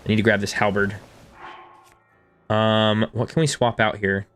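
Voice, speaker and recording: A man's voice: lowish voice, level tone, a little slow, a bit bright, a little hiss or hum. Chatty man streaming a game. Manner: chatty and self-deprecating, reading chat aloud. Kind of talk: casual live-stream chat over gameplay.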